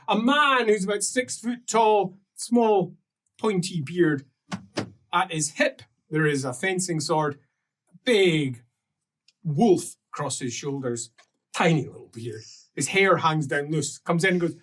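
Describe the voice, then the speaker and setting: A game master narrating a tabletop roleplaying game in an animated, laughing storytelling manner. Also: medium pitch, slow, distant mic.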